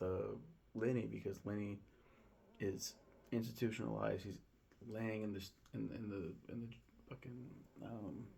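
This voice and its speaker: Gravelly low-voiced man rambling about a film. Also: darkish tone. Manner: rambling, lots of ums and profanity. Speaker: film reviewer. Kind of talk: casual film recap.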